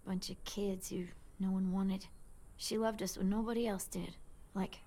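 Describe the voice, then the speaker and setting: A woman's voice: medium pitch, little pitch movement, a little slow, mellow. An actress playing an earnest young woman grieving someone who raised her, in a game. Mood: tender.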